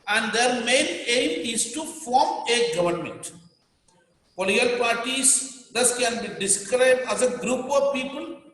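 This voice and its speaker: Indian male teacher, high voice, emphatic and repetitive, booming hall reverb. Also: fairly bright tone. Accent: Indian English. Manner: repetitive, emphatic, dictating to students. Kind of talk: classroom lecture.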